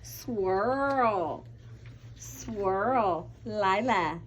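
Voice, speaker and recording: A woman's voice: medium pitch, expressive, extremely slow, a little hiss or hum. A young woman teaching a class of children, patient and encouraging, calling on pupils by name. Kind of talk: classroom vocabulary lesson.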